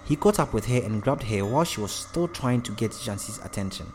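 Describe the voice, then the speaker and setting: A man narrating a story in a steady, even reading voice. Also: on the low side, brisk, faint music behind.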